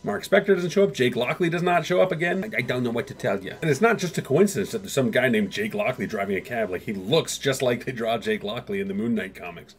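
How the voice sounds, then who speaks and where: In a comics video, a man recaps old issues in a rambling, casual way, dropping quick asides where he acts out the characters' lines. He has a mid-range voice with lively intonation.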